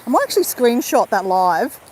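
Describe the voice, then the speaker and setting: With a phone at arm's length, an Australian woman live-streams on YouTube while walking along a beach, chatting casually, laughing and speaking right to her viewers. Her voice is on the high side, very animated, brisk and slightly rough. The recording quality is poor.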